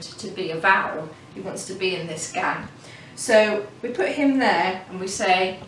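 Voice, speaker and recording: A woman's voice: mid-range voice, normal speed, hardly any pauses, fairly bright tone. A woman teaching children about reading with a patient, encouraging manner, recorded at home. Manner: patient and encouraging, sings a silly song. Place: home during lockdown. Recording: echoey room, far from mic, faint hiss.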